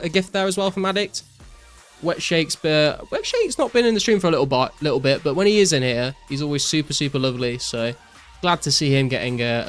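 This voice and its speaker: Young british guy streaming, kinda high voice, excitable, swears a ton, faint music behind. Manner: excitable, swears a lot, thanks donors profusely. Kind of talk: casual live-stream chat.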